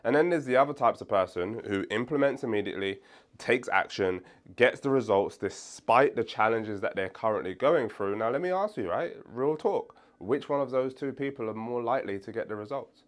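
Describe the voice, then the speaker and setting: A young man giving an energetic sales-training lesson, acting out what prospects say and laughing often. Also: medium pitch, moderate pace. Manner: animated, acts out prospect replies, laughs often. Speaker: sales coach.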